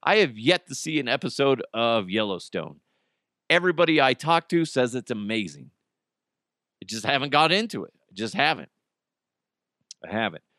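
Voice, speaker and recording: Very animated and speaking at a normal speed, a man hosts a solo podcast in a pushed, bright mid-range voice. He riffs casually, jokes, swears, and reads a live ad, with clean, echo-free studio sound.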